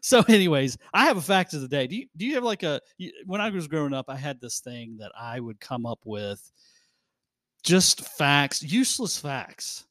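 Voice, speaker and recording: A man's voice: fairly high pitch, expressive, moderate pace, fairly bright tone, dry recording, studio quality. A man hosting a faith-themed podcast in casual chat, rambling and laughing often. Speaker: podcast host.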